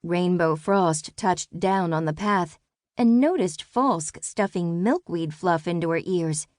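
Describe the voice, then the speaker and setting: Slow, measured woman audiobook narrator. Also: fairly low pitch, no room sound, clean studio sound. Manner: calm and measured. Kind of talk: scripted children's audiobook narration.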